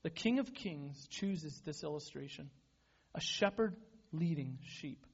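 A man's voice: on the high side, lively intonation, a little slow, gravelly, husky. A man preaching a sermon as a pastor, conversational and self-deprecating, often restarting his words. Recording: dull lo-fi sound.

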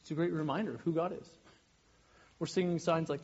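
A man in his thirties, a pastor giving a sermon, animated and often breaking off mid-sentence to act out little scenes. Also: fairly high pitch, a little fast, slightly rough, lo-fi sound. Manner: animated, self-interrupting, acts out little scenes.

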